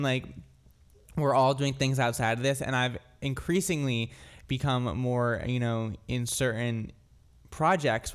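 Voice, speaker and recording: A young man from Ireland co-hosting a radio show, chatting casually and rambling with lots of restarts. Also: medium pitch. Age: young adult.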